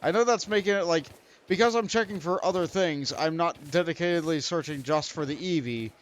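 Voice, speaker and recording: This young man's voice is a little high and fairly quick as he streams a video game. In let's-play style, he rambles, pokes fun at himself, and talks to the creatures on screen.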